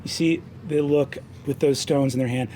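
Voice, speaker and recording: A man narrating as game master in a tabletop game, in a measured, descriptive way. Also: medium pitch, fairly even intonation, mellow, slight background noise. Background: music.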